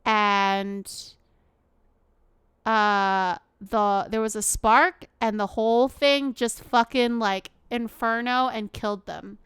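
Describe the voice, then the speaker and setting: A woman's voice: on the high side, fairly even intonation, slow, a bit bright, smooth, no echo. A woman streamer reacting live to a news video, emotional and exclaiming, swearing often.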